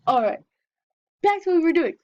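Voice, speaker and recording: Chatty high-voiced young woman gamer. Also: very animated, brisk, a little mellow. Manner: chatty, reads game text aloud. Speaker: gameplay vlogger. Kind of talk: casual gameplay commentary. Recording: dull lo-fi sound.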